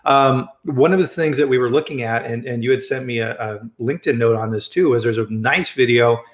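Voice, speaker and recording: A chatty, upbeat man hosts a casual live stream, greeting viewers and his guest by name. His voice sits at an ordinary middle pitch and carries the echo of a roomy home room. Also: a little fast. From American Midwest. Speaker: livestream host. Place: home studio, Colorado.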